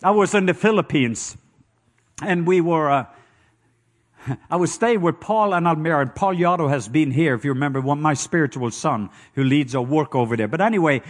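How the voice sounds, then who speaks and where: Man, Norwegian accent, middle-aged, fairly high voice, lively sermon storytelling, call-and-response with the crowd, acts out sounds. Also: a little fast. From Norway. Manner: acts out sounds with loud hoots and croaks. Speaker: preacher.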